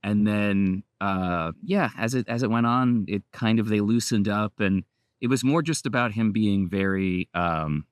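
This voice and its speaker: A man's voice: on the low side, measured pace, smooth, no echo, clean studio sound. Laid-back man rambling in an interview. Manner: relaxed, rambling, laughs often. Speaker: voice actor guest. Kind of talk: casual interview chat.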